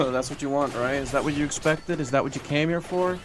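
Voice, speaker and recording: A man's voice: a little high, slight background noise. A young man streaming live, chatting to his viewers and taunting a troll with profane mockery.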